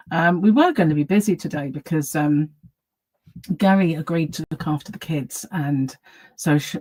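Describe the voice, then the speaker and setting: A woman's voice: fairly low pitch, darkish tone, low-quality recording. A woman chatting casually on her live stream from home, greeting viewers by name and rambling about her day.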